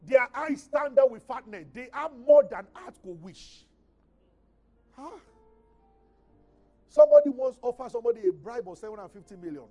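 A Nigerian man preaches from the pulpit in a high, mellow voice. He reads scripture with loud emphasis and then drops into quiet, chatty asides to the congregation. Soft music plays faintly behind him. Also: lively intonation, normal speed, long pauses, highs cut off. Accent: Nigerian English. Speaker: pastor. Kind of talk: sermon.

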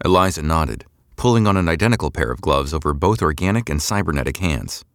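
Male audiobook narrator, deep and animated, measured storytelling, close mic. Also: no echo.

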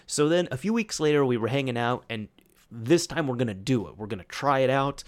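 A man's voice: mid-range voice, fairly quick. Man, podcast host, casual storytelling, rambling, mid-range voice. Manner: rambling, with many restarts and fillers; quotes friends in animated retellings.

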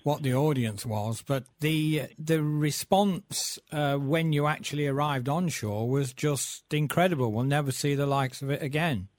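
A man's voice: on the high side, unhurried, hardly any pauses, no echo. A man hosting an interview, chatty and asking prompting questions with some hesitations. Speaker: podcast host, interviewer. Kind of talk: casual interview.

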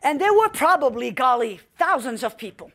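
A woman's voice: high-pitched, sing-song, moderate pace, a bit bright. A middle-aged woman preaching a sermon, telling a story with fervent emphasis and commanding outbursts. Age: young adult in 1994, now middle-aged.

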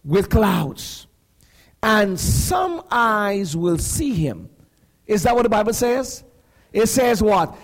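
A man preaching a sermon, building to shouts and asking the congregation questions. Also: high-pitched, big pitch swings, slow pace. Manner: preaching with rising shouts and call-and-response questions.

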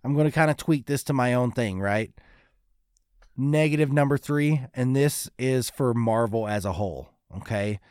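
A man co-hosting a casual podcast chat, listing complaints in a quick, halting way. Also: medium pitch, darkish tone, clear, resonant tone, no echo, clean studio sound. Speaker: podcast co-host.

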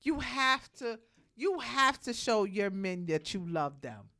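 A woman's voice: medium pitch, very animated, takes it slowly, pushed and bright. Woman, radio co-host, playful banter, laughs a lot, studio mic. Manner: joking, laughing, teasing. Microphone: studio microphone.

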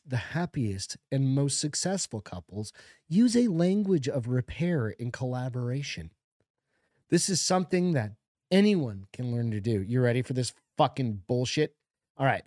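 Sarcastic, lively-voiced man co-hosting a podcast. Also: mid-range voice, no echo, clean studio sound. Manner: sarcastic, profane, reading a list aloud with mock earnestness. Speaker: podcast co-host. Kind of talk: comedic podcast banter.

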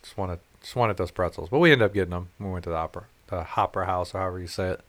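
Low-voiced man telling profane anecdotes. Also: rapid-fire, a bit bright. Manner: profane, rambling, laughing anecdotes. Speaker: podcast co-host. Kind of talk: casual chat, storytelling.

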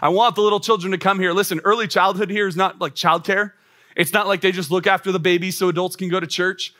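Emphatic male pastor, bright high voice. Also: steady tone, fast. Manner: emphatic, repetitive preaching with rising exclamations. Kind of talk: sermon. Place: church auditorium.

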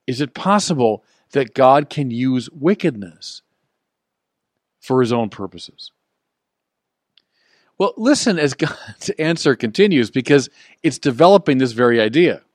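A man preaching a sermon, earnest and emphatic, with the odd soft chuckle. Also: mid-range voice, dry recording, clean studio sound.

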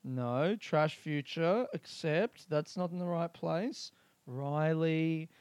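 A man's voice: a little high, slow, darkish tone, clear, resonant tone, no echo. A man hosting a podcast, chatting casually and swearing as he rambles and mutters to himself. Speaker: podcast host.

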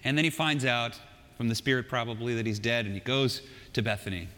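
A male pastor delivering a sermon in a church, conversational and animated, with joking asides. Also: medium pitch, a little fast. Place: church sanctuary. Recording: long hall reverb.

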